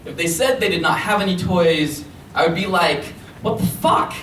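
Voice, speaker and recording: A man performing slam poetry at a live reading, with an expressive, rhythmic delivery and chatty asides between poems. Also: fairly high pitch, moderate pace. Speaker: poet. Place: library event room. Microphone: recorded from a distance. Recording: echoey room from far off, faint background noise.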